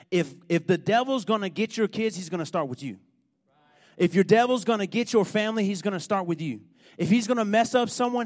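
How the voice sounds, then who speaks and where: A man preaching a sermon, telling a story with animated, emphatic build-ups. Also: high voice. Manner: animated storytelling, rising to loud emphatic points.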